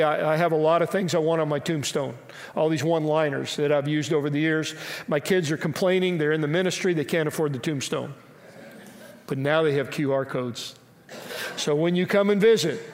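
Guy preaching w a high voice, lots of rhetorical questions + little jokes, long echo in the church. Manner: emphatic, rhetorical questions, humorous asides. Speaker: pastor. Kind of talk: sermon. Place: church sanctuary. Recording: long hall reverb.

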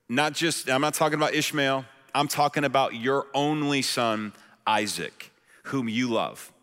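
Guy preaching a sermon, lively storyteller, church hall echo hanging off every line. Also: fairly low pitch, normal speed. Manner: animated storytelling, rising loud in acted questions. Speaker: pastor.

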